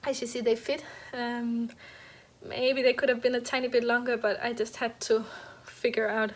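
A woman hosting a knitting podcast, chatting casually about her projects, halting with many fillers and restarts and a little out of breath. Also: on the high side, flat delivery. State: slightly out of breath. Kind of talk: casual show-and-tell chat. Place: at home next to a heater.

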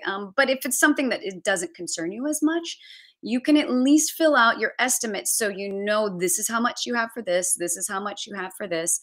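A woman's voice: mid-range voice, a bit bright. A woman hosting a live-streamed budgeting tutorial from her basement, chatty and thinking aloud as she shares her screen. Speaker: travel budgeting host. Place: home basement.

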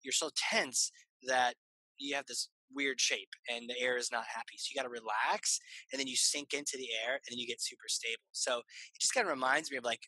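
A man's voice: mid-range voice, fairly even intonation, brisk, bright, forceful tone, no echo, rough recording. A man hosting a podcast, talking loosely and rambling with lots of fillers. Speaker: podcast host. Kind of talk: casual chat.

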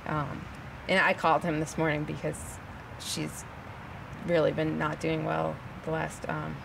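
Mom at home, low gravelly voice, gentle coaxing, kinda far off mic with lots of noise. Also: female voice, completely flat delivery, unhurried. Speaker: mother. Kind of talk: casual home talk.

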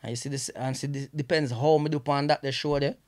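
A Jamaican-accented comedian chatting as a podcast guest, spinning animated stories in patois. His voice sits in a middle register and stays conversational. He restarts phrases often as he talks. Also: mid-range voice, quick pace. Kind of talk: casual podcast storytelling.

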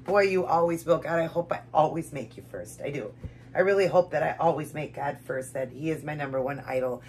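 Low-voiced woman, tearful and earnest. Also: a little fast, a little mellow, soft background music. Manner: tearful, earnest, repeats herself. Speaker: keto vlogger. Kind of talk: emotional devotional vlog with prayer and eating.

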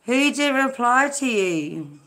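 A woman from Australia chats on a live stream in a bright voice with a clear edge. She rambles easily, fills gaps with hesitations and greets her viewers one by one by name. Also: a little high, very animated, slow pace. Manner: chatty, greets viewers by name, many fillers. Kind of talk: casual live-stream chat.

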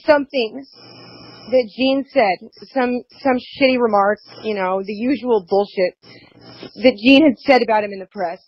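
A woman interview guest telling a painful personal account, tearful and halting, repeating words, yet defiant. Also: fairly high pitch, lo-fi sound.

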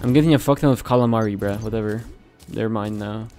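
A young man giving casual gameplay commentary, swearing constantly and reacting loudly to what happens on screen. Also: on the low side, quick pace, soft background music.

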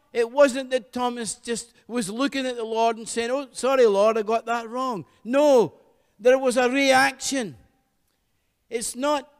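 Man, pastor, sermon, high pitched, fervent, long church reverb. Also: clean tone. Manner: fervent, repeats hallelujah.

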